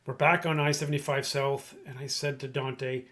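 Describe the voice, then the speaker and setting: A man's voice: medium pitch, flat delivery, normal speed, fairly bright tone. Wry middle-aged man joking. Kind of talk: casual podcast chat.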